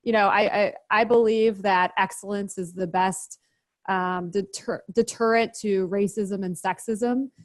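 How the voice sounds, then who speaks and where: A woman guest on a podcast, explaining her business practices in a brisk, practical, step-by-step way. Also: mid-range voice, fairly even intonation. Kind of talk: interview, explaining.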